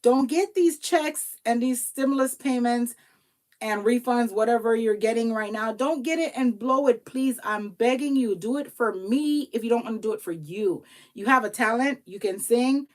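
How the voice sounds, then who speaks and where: Brief: lively woman coach talking straight to camera, higher pitch, acts out quick quoted bits, begs viewers not to waste money. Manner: animated, acts out little quoted exchanges in changed voices; pleading, repeats herself for emphasis. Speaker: tax professional and business coach. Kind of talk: casual motivational talk to viewers.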